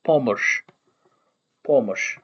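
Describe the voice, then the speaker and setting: Streaming from his desk, a man constructs an invented language, thinking aloud, muttering, trailing off and correcting himself. His voice is medium-pitched and slightly rough, and he talks extremely slowly. The sound is lo-fi, with keyboard clicks and typing in the background.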